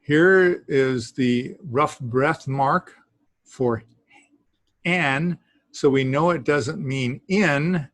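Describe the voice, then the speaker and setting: A man teaching a beginners' language class, talking haltingly with many fillers and small laughs. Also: on the high side, a bit bright, dry recording. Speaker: Greek teacher. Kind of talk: classroom lesson.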